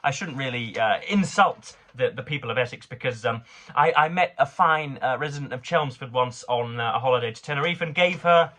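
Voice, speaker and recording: A man's voice: medium pitch, a bit bright. A man reading newspaper items aloud and commenting on them with dry, sardonic asides, often stumbling over his words. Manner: halting, frequent fillers and restarts, dry sardonic asides. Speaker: vlogger reviewing the newspaper.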